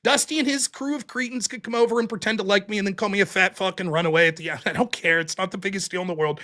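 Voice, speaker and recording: Man, very high voice, bright and forceful, blunt and profane, casual guest chat. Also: rapid-fire. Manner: blunt, profane, animated storytelling. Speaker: guest streamer and debater. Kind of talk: casual podcast conversation.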